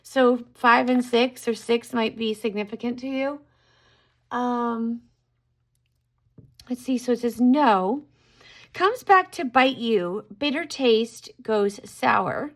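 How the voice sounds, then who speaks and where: A middle-aged woman talks through a tarot reading in a casual, musing way. Her voice sits a little high, and she breaks into surprised exclamations as she turns cards over. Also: slow pace. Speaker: tarot card reader.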